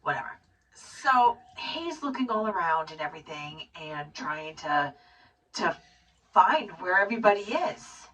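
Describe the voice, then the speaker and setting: A middle-aged woman co-hosts a casual chat, recapping a movie in a rambling, animated way and acting out the characters' lines. Her voice is fairly low and measured, picked up by a distant mic with hiss.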